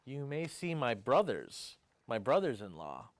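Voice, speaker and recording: A storyteller playing a male carver who earnestly and slowly tells the creature he made what it will do. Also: medium pitch, wildly swooping pitch, dry recording, pitched below the performer's own voice. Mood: instructing. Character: solemn male carver speaking to his creation.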